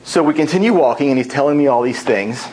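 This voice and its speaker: A man giving a tall-tale speech at a speaking club, telling it in an animated storytelling manner. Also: medium pitch, fast talker, slight background noise, poor audio.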